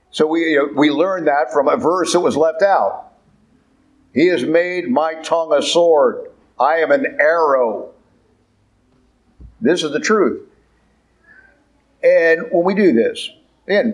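Emphatic preaching man, somewhat high voice. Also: low-quality recording. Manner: conversational, emphatic, with rhetorical questions. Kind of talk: sermon.

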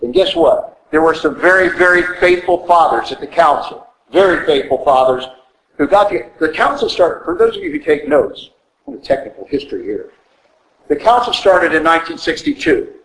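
A man preaching a sermon with emphatic stress, rhetorical questions and quick mocking asides. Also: on the high side, sing-song, fairly bright tone, roomy sound, rough recording. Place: church.

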